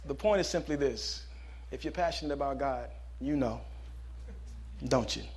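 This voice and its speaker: A man preaching a sermon, telling a funny story and then turning soft and earnest for ministry time. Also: medium pitch, moderate pace, slightly rough.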